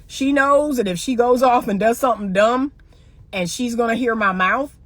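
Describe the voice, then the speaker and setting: A middle-aged relationship coach delivers an opinionated monologue to camera, blunt, emphatic and lecturing, hammering points home with repeated rhetorical questions. Her voice is on the high side and fairly bright, at a moderate pace.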